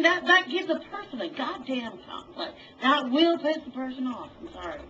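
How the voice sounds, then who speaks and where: Brief: swearing, lecturing woman, animated, higher voice, distant and muffled over voice chat. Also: moderate pace, hardly any pauses. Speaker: voice chat participant. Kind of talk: profane angry rant. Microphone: computer mic in voice chat. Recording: distant, dull lo-fi voice chat audio with faint hiss.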